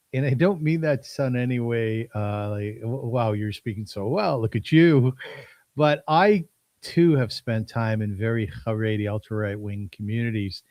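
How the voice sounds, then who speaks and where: A man hosting a podcast interview, earnest and halting, often stumbling over his first words. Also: mid-range voice, a little mellow, no echo. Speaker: podcast host.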